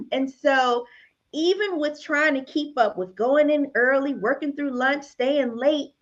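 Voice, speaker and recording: A woman's voice: sits high, takes it slowly, dull audio. A woman speaking as a guest author, telling a candid personal story of faith and work and laughing often as she goes. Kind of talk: personal testimony at a book event.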